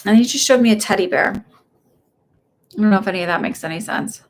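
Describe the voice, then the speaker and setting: A woman's voice: mid-range voice, quick pace. Chatty woman giving live psychic readings. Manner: chatty, hesitant, many fillers and restarts. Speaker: psychic medium host. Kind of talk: casual live-stream reading.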